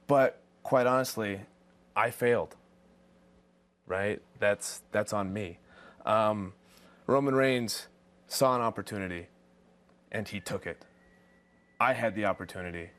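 A professional wrestler in an interview, talking in an earnest, emphatic way. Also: male voice, medium pitch, moderate pace. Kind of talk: backstage interview.

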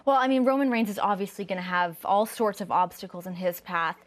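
A woman works as an interviewer on a sports show. Her voice sits in a middle range. She asks clear, steady questions. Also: mid-range voice, brisk.

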